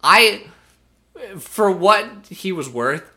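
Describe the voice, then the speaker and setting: A man's voice: sits high, lively intonation, extremely slow, bright, forceful tone. A man co-hosting a casual podcast, chatty and laughing often as he reads out facts. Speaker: podcast co-host. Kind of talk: casual chat.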